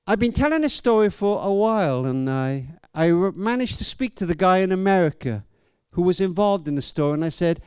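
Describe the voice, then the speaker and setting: A man's voice: sits high, lively intonation, a little fast, hardly any pauses, a little mellow, clear, resonant tone, no room sound, studio quality. A man preaching a sermon, telling a story emphatically and dramatically, often restarting his sentences.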